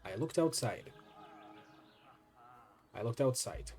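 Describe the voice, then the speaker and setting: A man streaming and reading a story game aloud, with casual asides, in a lively, expressive way. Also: medium pitch, takes it slowly, faint music behind.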